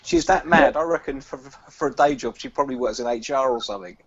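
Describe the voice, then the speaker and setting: A man's voice: medium pitch, fast. A man hosting a casual home-brewing video hangout, rambling and joking with lots of fillers. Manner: jokey, rambling, lots of "like" and "sort of". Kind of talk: casual banter on a group video call. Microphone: video call. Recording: dull lo-fi video call audio with background noise.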